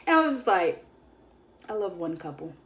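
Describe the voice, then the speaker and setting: A woman's voice: lowish voice, big pitch swings, normal speed, fairly bright tone. A young woman vlogger telling a story in a casual, chatty way, full of "like" and acted-out quotes of her friends. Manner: chatty, filler-heavy, acts out quoted friends.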